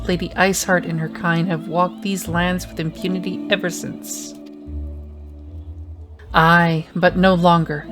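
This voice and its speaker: A woman reading the lines of a stern male knight commander in a game, formal and measured. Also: on the low side, lightly acted.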